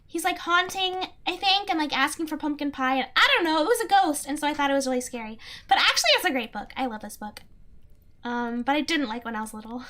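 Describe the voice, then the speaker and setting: A young woman streamer chats casually and answers her viewers, rambling with lots of "like" and breaking into giggles. Her voice sits high and sounds bright. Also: fast talker. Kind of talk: casual chat, reading chat.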